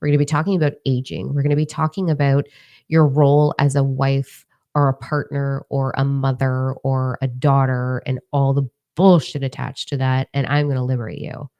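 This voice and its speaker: A woman mentor talking casually to her followers in a livestream, blunt, profane and energetic. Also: rumbling low, moderate pace, lo-fi sound. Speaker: mentor and social media creator.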